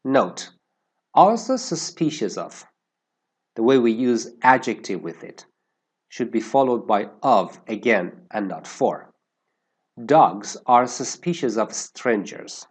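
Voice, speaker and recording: A man teaching an English usage lesson at an unhurried pace. His voice is a little husky, and his pitch swings widely as he stresses each word's sound. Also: expressive. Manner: slow, careful explanation stressing word sounds.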